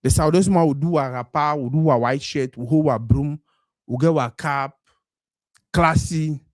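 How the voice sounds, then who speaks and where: This man from Cameroon speaks with a Cameroonian Pidgin English accent, running a relaxed live-stream monologue that shifts between Pidgin and English. He performs the voices of people he quotes. His pitch is on the high side and his speed is normal, captured in clean studio sound with no room noise.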